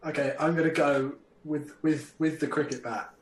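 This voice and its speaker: A man's voice: a little high, fairly even intonation, normal speed, crowd noise. Easygoing male player in an echoey room. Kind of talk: casual play chat.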